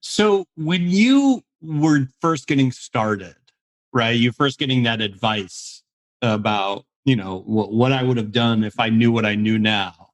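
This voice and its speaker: A man's voice: medium pitch, measured pace. Podcast host guy, rambles his questions, lots of "like" and "you know". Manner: loose, rambling questions full of fillers. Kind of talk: casual podcast interview.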